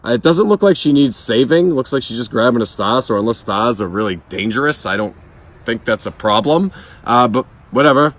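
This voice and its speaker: Hoarse, brash man with a Boston accent. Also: mid-range voice, expressive, a little fast, fairly bright tone. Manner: brash, joking, swears freely. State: voice a bit hoarse. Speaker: beer vlogger. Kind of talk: casual beer review vlog. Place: side yard outdoors.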